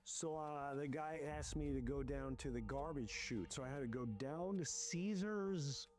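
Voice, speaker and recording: A man casually telling a personal story in an animated, rushed way, often restarting his sentences. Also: medium pitch. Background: music.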